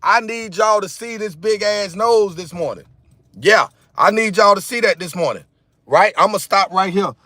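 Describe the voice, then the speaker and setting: A man's voice: high-pitched, normal speed, bright, forceful tone, dry recording, clean studio sound. A man live-streaming from his car on a phone, talking straight to his viewers in a repetitive, emphatic rant. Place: in a car, outdoors in sunlight. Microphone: phone camera.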